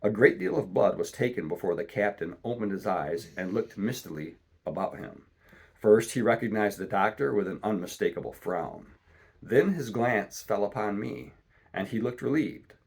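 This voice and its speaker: A man reading a classic adventure storybook aloud in a steady, measured way. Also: lowish voice, gravelly, husky. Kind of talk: storybook read-aloud narration.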